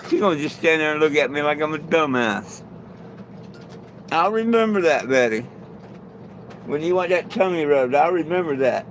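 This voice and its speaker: A man's voice: a little high, expressive, moderate pace, long pauses, slight background noise, rough recording. A man vlogging outdoors, chatting casually and cooing affectionately at his dogs. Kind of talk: casual talk to camera and pets.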